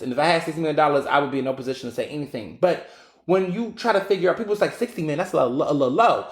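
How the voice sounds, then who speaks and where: A man hosting a podcast, giving blunt, profane commentary with sassy asides to his listeners. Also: fairly high pitch. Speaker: podcast host. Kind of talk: casual opinionated commentary. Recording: roomy echo.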